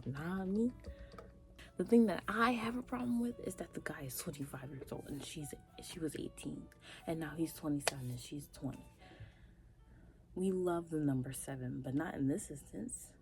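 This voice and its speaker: Young woman, low mellow voice, chatty reaction vlog talk, breathy little whispery asides. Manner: animated, chatty, talks straight to viewers. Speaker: reaction vlogger. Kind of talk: casual reaction commentary.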